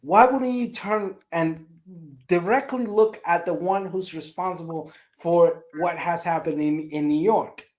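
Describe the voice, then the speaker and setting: A talk show panel guest tells a story in an animated way. The speaker acts out each line of dialogue while recounting it. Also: mid-range voice, measured pace.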